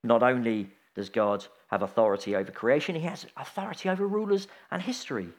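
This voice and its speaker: A man's voice: mid-range voice, fairly quick. A middle-aged man giving an informal sermon, chatty and anecdotal, with frequent restarts and asides. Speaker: preacher.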